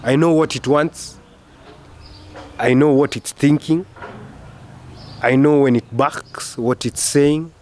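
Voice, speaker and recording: A man's voice: on the high side, fairly even intonation, slow, pauses often, darkish tone, a little hiss or hum. A man, a dog owner, talking casually in an interview, plain and matter-of-fact, repeating himself for emphasis. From Kenya.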